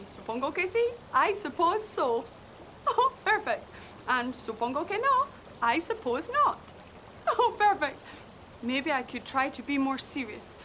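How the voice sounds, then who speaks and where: A relentlessly cheerful young woman in a comic TV sketch, her voice perched very high and swooping all over the place. She drawls slowly and giggles, gushing in a sing-song way. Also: a bit bright, a little hiss or hum. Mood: playful.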